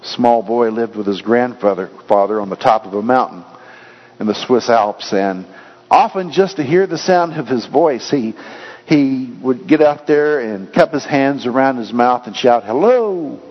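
An earnest male preacher delivering a sermon, his voice swelling and then dropping low. The sound carries a long hall reverb and a muffled, lo-fi tone. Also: moderate pace. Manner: earnest, with swings between raised and hushed delivery.

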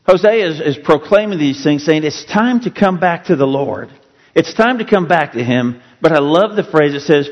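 Man, pastor, earnest sermon, story-driven emphasis, long church reverb, dull lo-fi sound. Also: medium pitch. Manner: earnest, storytelling, rising emphasis on key words. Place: church sanctuary.

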